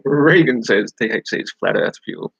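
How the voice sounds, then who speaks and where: A man's voice: mid-range voice, animated, normal speed, gravelly, a bit bright, breathy edge, no echo, low-quality recording. An Australian man from New South Wales hosting a casual live chat over a webcam, rambling, swearing freely and laughing at his own remarks. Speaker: live-stream host.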